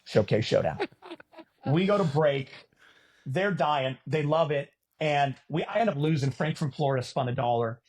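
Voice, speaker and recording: Husky, animated middle-aged storyteller man. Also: on the high side, moderate pace. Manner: animated, profane, self-mocking. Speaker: podcast guest, former volleyball player and announcer. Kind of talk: casual storytelling.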